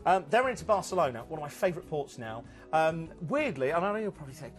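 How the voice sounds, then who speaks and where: A man's voice: a little high, big pitch swings, quick pace, soft background music. A man presenting cruise holidays on a TV sales show, chatty and upbeat with lots of fillers. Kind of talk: enthusiastic sales chat.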